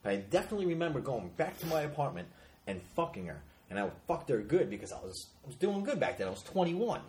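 A man's voice: fairly high pitch, big pitch swings, fast, darkish tone, echoey room, slight background noise. A man telling a crude, rambling story in a casual podcast chat. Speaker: podcast co-host.

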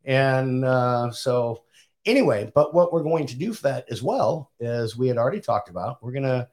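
This is an easygoing man co-hosting a homegrown podcast, laughing often and dropping the odd swear word. His voice is mid-pitched and plainly conversational. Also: lively intonation, moderate pace, a little mellow. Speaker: podcast co-host. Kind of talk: casual chat.

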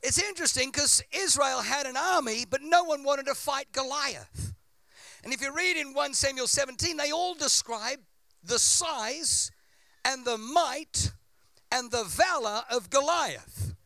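A man's voice: very high-pitched, measured pace, vocal fry, sharp tone, no echo. A man preaching a sermon with impassioned, repetitive build-ups.

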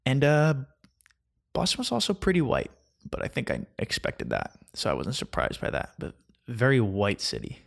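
Young man, twenties, casual vlog rant, sarcastic, mocking, animated, filler-heavy. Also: medium pitch, moderate pace, creaky. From New Jersey. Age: 20s. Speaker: vlogger. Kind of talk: casual ranting monologue.

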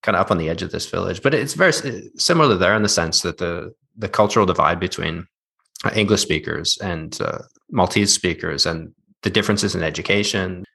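A man's voice: sits low, brisk, vocal fry, bright, forceful tone, slightly rough. A man interviewing a guest in a thoughtful, conversational way, asking follow-up questions.

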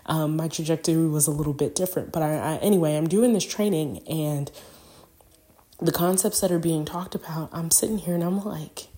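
A young woman hosts a podcast, rambling through a personal reflection with lots of fillers and speaking openly about her feelings. Her voice is low-pitched and dark in tone, and she talks briskly.

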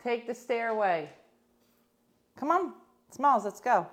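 A woman's voice: on the high side, animated, takes it slowly. A woman in her fifties chatting casually and coaxing her dog, treating it as her playful co-host. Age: 50s. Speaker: host of a home pet show.

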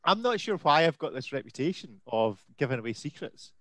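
A man's voice: a little high, sing-song, fairly quick, sharp tone, no room sound. A man hosting a casual live video-call chat, easygoing and self-deprecating, often tripping over his words. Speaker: host.

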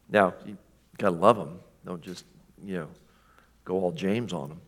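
A man's voice: low-pitched, normal speed, long pauses. A man preaching a sermon in a conversational tone, often checking in with the congregation and sometimes mimicking voices. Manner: mimics a taunting voice for quoted questions. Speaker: pastor.

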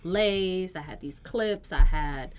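A woman's voice: lowish voice, slow, clear, resonant tone. A woman in her thirties co-hosting a podcast, telling family stories in casual chat with plenty of "like" and "um" fillers. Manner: chatty storyteller with many fillers. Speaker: podcast co-host.

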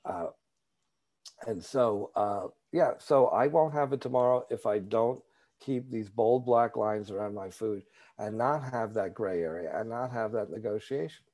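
A man's voice: fairly low pitch, unhurried, dark tone. A man sharing his personal story at a recovery support meeting, candid and conversational, often repeating words as he gathers his thoughts.

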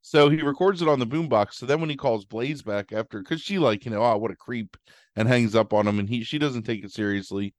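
A man's voice: medium pitch, brisk, hardly any pauses, no room sound, studio quality. A man chatting casually as a podcast co-host, rambling through a movie recap full of "like" and "um" while acting out quotes. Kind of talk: casual chat.

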